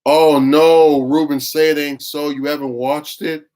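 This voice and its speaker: A man's voice: a little high, level tone, measured pace, a little mellow. A man giving blunt, scornful live-stream commentary, reading viewer chat and rambling with frequent restarts. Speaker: livestream commentator.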